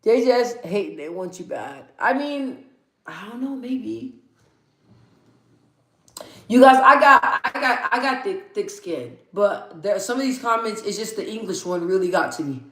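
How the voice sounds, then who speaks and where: A young woman hosts a casual livestream from an echoey room, laughing often and chatting with viewers as she reads the chat. Her mid-range voice is animated and fairly bright, and she speaks a little slowly.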